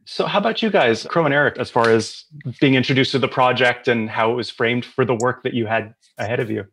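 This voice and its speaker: A man hosting a casual Q&A over a video call, speaking thoughtfully in drawn-out phrases. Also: mid-range voice, a bit bright. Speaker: host.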